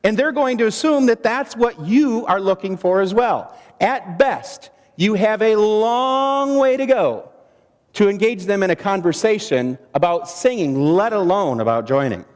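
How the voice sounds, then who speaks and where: A man presenting a training seminar, quizzing the audience and using dramatic pauses. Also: high-pitched, animated. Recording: long hall reverb.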